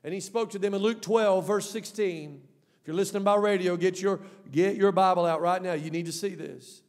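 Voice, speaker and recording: Male pastor, high voice, emphatic sermon, long reverb of a church hall. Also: brisk. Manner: emphatic, swings between soft and loud. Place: church sanctuary.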